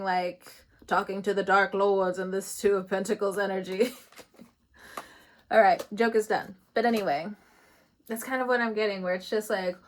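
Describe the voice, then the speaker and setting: A woman doing a casual tarot reading. She talks in a chatty, loose way, laughs often and swears casually. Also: mid-range voice. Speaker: tarot reader.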